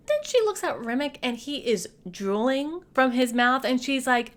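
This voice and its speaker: A young adult woman with a high voice recaps a movie casually and playfully, full of slang. She's animated, jumping between voices, and speaks unhurriedly with few pauses.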